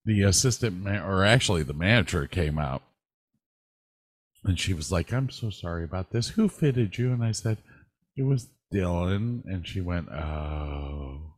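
A man co-hosting a podcast, telling animated stories in casual chat and swearing now and then. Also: low-pitched, moderate pace, no room sound. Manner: animated storyteller, swears, mimics people he quotes. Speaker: podcast co-host.

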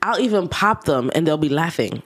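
A woman's voice: sits low, animated, brisk. A woman co-hosting a podcast in casual chat, speaking bluntly and playfully. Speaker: podcast co-host, mother.

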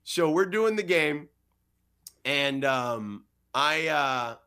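Bright-voiced man telling a story. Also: fairly high pitch, very slow, clear, resonant tone. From United States. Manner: lively anecdote-teller who acts out quoted dialogue. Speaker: sports reporter, podcast guest. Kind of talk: storytelling in a podcast interview.

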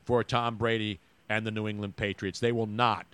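Bright-voiced joking man, dry sound. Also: lowish voice, moderate pace, clean tone, no echo. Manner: joking, rambling, animated. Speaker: podcast co-host. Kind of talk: casual sports chat.

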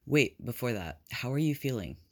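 A man's voice: sing-song, normal speed. A man reading fan fiction aloud, voicing a cheerful, teasing young volleyball player with a raised, bouncy voice. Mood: breezy. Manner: bright, bouncy, raised pitch.

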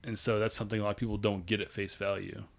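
A man's voice: lowish voice, flat delivery, rapid-fire, creaky. A man co-hosting a casual podcast chat, intense and opinionated, swearing freely.

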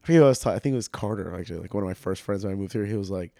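A young man from Sudan, a podcast guest telling joking stories in a relaxed chat. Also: on the low side, very fast, no room sound, clean studio sound. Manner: joking storyteller, easygoing. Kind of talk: casual chat.

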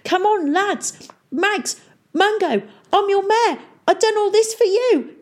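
A woman's voice: very high voice, takes it slowly, pitched above the performer's own voice. A woman voicing a panicked middle-aged pirate mayor who shrieks and pleads desperately. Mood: frantic.

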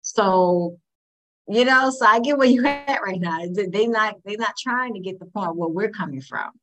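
A woman co-host chatting in a relaxed, casual way. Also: medium pitch, normal speed, rough recording. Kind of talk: casual chat.

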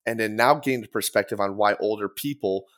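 A man's voice: lowish voice, fast talker, a bit bright. A young man chatting as a musician guest, rambling and profane, with lots of fillers. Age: young adult. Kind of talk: casual podcast chat.

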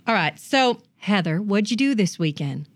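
A woman's voice: mid-range voice, expressive, normal speed, no echo. A woman hosting a comedic dating advice show, coaching a guest in a brash, bossy way. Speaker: host.

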